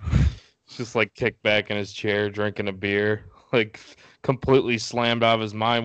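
A man's voice: on the low side, flat delivery, a little slow, fairly bright tone, smooth, no room sound. A man co-hosting a podcast, chatting casually about baseball, laid-back and jokey, often laughing. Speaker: podcast co-host. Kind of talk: casual chat.

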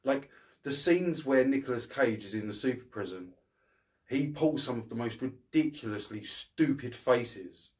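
A man's voice: mid-range voice, expressive, a little slow, a little mellow. A man co-hosting a casual film review podcast, ranting bluntly and swearing often. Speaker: podcast co-host.

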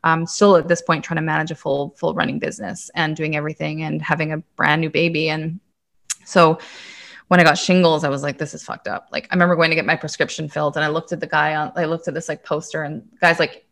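A woman's voice: deep voice, flat delivery, fast talker, vocal fry, fairly bright tone. A woman in her thirties from Canada, a podcast guest and intuitive coach telling her own story in a chatty, casual way, swearing freely and saying "like" often.

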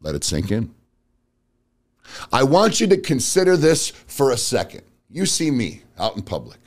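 Male motivational speaker, mid pitch, lively swings, blunt casual delivery. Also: normal speed. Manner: blunt, direct, street-casual, addresses audience as bro and guys. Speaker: motivational speaker and auto business owner. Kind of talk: casual motivational talk to viewers.

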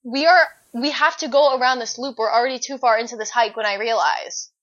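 Animated young woman telling a story. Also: fairly high pitch, a little fast. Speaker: podcast co-host. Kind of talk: casual chat. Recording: dull lo-fi recording.

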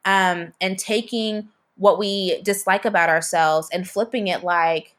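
A woman's voice: medium pitch, fairly even intonation, a little slow, hardly any pauses, fairly bright tone. Young woman guest, chatty storyteller, talks in loose restarting sentences. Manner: chatty, with many fillers and restarts. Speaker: photographer and podcast guest. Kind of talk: casual storytelling.

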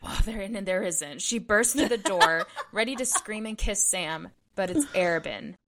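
A woman's voice: medium pitch, expressive, moderate pace, fairly bright tone. A woman co-hosting a book club podcast, retelling the plot in casual chat, dramatic and openly emotional.

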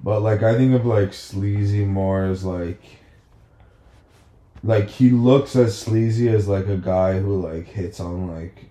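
A man co-hosts a casual podcast conversation. He talks haltingly, often pausing mid-sentence to find his words. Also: on the low side, mellow. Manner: hesitant, halting, searching for words. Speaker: podcast co-host. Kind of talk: casual chat.

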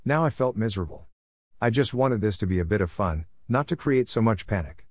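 A man reads a first-person adventure story aloud with a plain, steady delivery. His voice sits on the low side. The recording is dry and close, with no room echo. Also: brisk.

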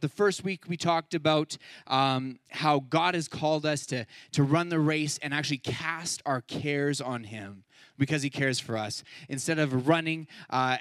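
A young adult male pastor preaching a sermon, telling a family story in an animated, conversational way with frequent fillers. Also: high-pitched, no echo.

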